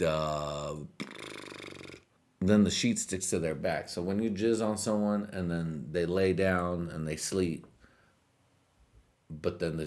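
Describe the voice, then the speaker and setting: Deep-voiced, rambling, stoned male podcast host. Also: a little mellow. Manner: rambling and crude, with bursts of laughter. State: high on edibles. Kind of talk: rambling comedic monologue.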